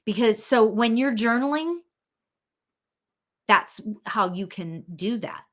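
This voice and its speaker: A chatty woman medium talks straight to her viewers in a bright, forceful voice that sits a little high. She giggles often and trails through ums and restarts as she reads comments and gives readings. Her talk is loose and casual. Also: animated, slow. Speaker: spiritual medium hosting a live show.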